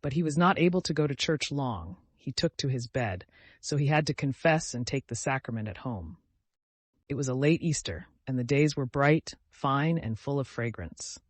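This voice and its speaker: A man reading a classic novel aloud as audiobook narrator, measured and gentle. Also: medium pitch, expressive, no room sound.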